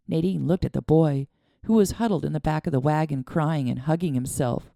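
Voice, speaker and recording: A woman narrating a novel as an audiobook, with an expressive, dramatic reading. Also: low voice, brisk, vocal fry, no echo, studio quality. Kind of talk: scripted narration.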